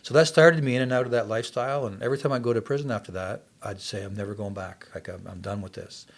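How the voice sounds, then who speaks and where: An older Canadian man, a podcast guest, shares his personal testimony in a relaxed interview. He talks earnestly and briskly in a somewhat low, creaky voice, letting the story carry him along.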